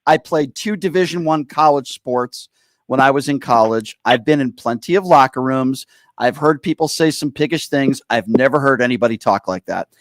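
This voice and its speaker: A man's voice: mid-range voice, normal speed, no echo, clean studio sound. A man hosting a call-in talk radio show, speaking emphatically and indignantly to callers.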